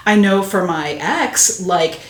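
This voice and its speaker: A woman guest on a podcast, chatting in an animated way and laughing often. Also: medium pitch, takes it slowly. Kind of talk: casual interview chat. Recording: roomy echo.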